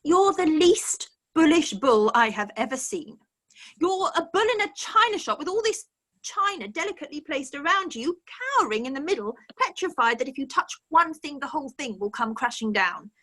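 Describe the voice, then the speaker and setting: A woman's voice: high voice, lively intonation, moderate pace, fairly bright tone. A woman voicing a mocking female interrogator in an online script reading, taunting and probing. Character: mocking female interrogator, mother-daughter-holy-spirit figure. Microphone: video call mic.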